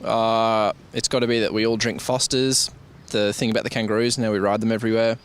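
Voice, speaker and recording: A man's voice: lowish voice, little pitch movement, a little fast, clear, resonant tone. A man from Australia giving offhand answers in a street interview.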